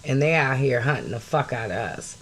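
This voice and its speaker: A woman's voice: very deep voice, expressive, a little fast, breathy edge. A woman hosting her own podcast, talking bluntly and angrily, swearing freely and greeting viewers as she goes. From United States. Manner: angry, blunt, swears, rises to shouting; greets live chat viewers mid-talk. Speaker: podcast host. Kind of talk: impassioned solo podcast talk.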